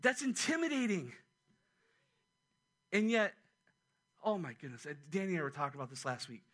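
A man preaching a sermon as pastor, animated and conversational, with quick asides to his church. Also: sits high. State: a little out of breath.

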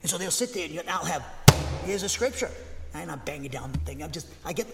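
A man preaching a sermon from a pulpit, emphatic and dogmatic, getting excited and speaking with conviction. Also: fairly high pitch, fast, vocal fry, loud music behind the voice. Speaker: pastor. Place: church. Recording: long hall reverb.

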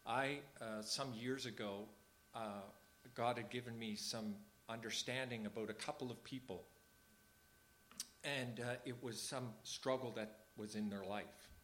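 A man's voice: medium pitch, fairly even intonation, unhurried, a bit bright, slight background noise. A man leading a small church service, talking informally and earnestly and repeating phrases for emphasis. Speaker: church leader.

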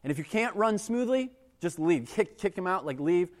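A man giving a casual, conversational sermon as a pastor, animated and acting out exasperated voices. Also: high voice, moderate pace, big-room sound.

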